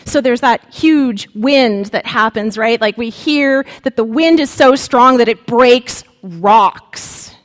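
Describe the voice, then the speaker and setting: A woman preacher giving a sermon, speaking slowly and dramatically with long pauses. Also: a little high, big-room sound.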